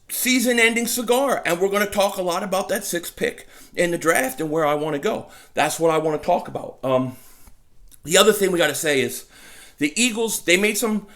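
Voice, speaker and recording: A man gives casual fan commentary from his home mic. His voice sits a little high and comes across bright and forceful. He gets worked up easily, stammers and repeats phrases as he goes. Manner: excitable, repeats himself, stumbles over words. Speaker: sports vlogger. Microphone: desk mic.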